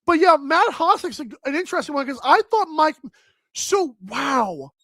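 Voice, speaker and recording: A woman hosting a live sports talk stream, chatting casually and thinking out loud with lots of filler words as she addresses viewers. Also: sits high, expressive, normal speed, dry recording. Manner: chatty, thinks aloud with many "like"s, addresses chat. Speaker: sports talk show host.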